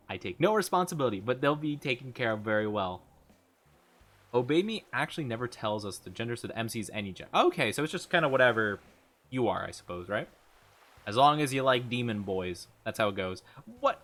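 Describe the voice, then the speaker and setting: A man's voice: mid-range voice, a bit bright. A young man streaming a game and chatting casually with viewers, upbeat and chatty. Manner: upbeat, chatty, greets viewers, often laughs. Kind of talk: casual live-stream chat.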